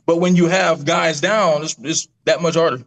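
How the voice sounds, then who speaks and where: Measured male football panelist. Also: fairly high pitch, fairly even intonation, vocal fry, a bit bright. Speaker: sports panelist. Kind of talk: live sports talk panel.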